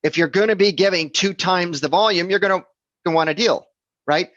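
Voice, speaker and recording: A high-pitched, fairly bright male voice, slightly fast, teaches real estate sales in a casual, instructional way. He's conversational and repetitive, checking in with listeners through "okay?" and "right?" as he goes. The recording has no echo, and the highs are cut off.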